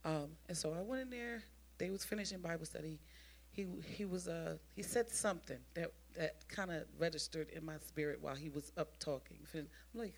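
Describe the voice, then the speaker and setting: Woman, informal sermon, personal testimony, animated storytelling, repeats and restarts phrases, speaks to the congregation. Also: sits low, brisk. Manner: addresses the congregation directly. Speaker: preacher giving a testimony.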